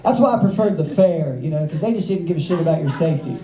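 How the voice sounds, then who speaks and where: On a comedy club stage, a young man from the American South performs stand-up with a loose, rambling delivery full of filler words. His fairly high voice has lively intonation and a quick pace, and the roomy club carries crowd noise and audience laughter.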